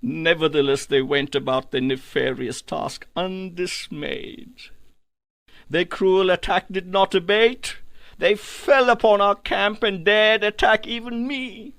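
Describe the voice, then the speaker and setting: A man's voice: high-pitched, fairly even intonation, slow, a bit bright, no echo. A man giving a solemn, dramatic first-person narration of a spiritual text for an audiobook.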